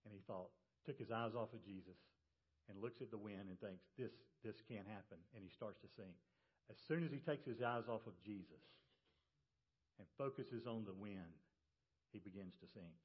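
A man's voice: fairly low pitch, normal speed, breathy edge, highs cut off. Man preaching a conversational sermon. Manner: conversational storytelling preacher, dropping his voice for quoted words. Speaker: pastor. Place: church service.

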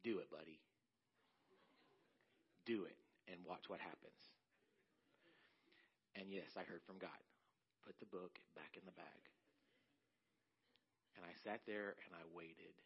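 A man's voice: sits low, measured pace, pauses often, breathy edge. A man preaching a sermon, telling a personal story and acting out both sides of the conversations. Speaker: pastor. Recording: dull lo-fi audio.

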